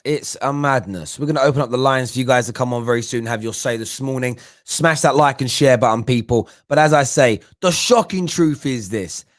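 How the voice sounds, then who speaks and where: A man's voice: medium pitch, fairly quick, few pauses. A young adult man hosting a live football fan talk show, ranting in a blunt, slangy and fired-up way.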